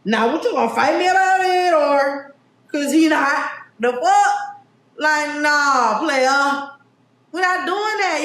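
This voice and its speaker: A woman's voice: high-pitched, sharp tone, reverberant. Heated, profane woman ranting on a podcast. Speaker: podcast host. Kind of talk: casual livestream commentary.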